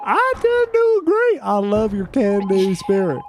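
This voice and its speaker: Man doing a cowboy, Western drawl, folksy, high lively voice. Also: a little slow, over music, heavily acted. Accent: put-on Western cowboy.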